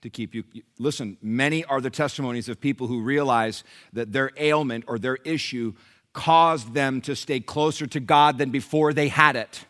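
A man preaching a sermon, dropping to a hush and then rising loud and fervent, acting out the people in his stories. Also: mid-range voice, normal speed. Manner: swings from hushed to loud and fervent; acts out quoted people in raised voices. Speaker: pastor.

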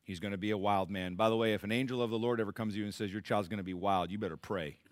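A middle-aged man preaching a sermon to his church, rising to loud emphatic peaks and dropping to hushed, intimate asides. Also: fairly low pitch, steady tone. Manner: acts out biblical characters in quick voices. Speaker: pastor.

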